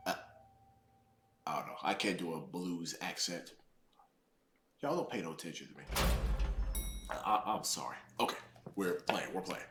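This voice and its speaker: A man's voice: sits low, lively intonation, normal speed, long pauses, sharp tone. A man playing a horror game and talking through it, cursing, yelping and muttering to himself as he runs from danger. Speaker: let's play gamer. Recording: roomy echo with game music.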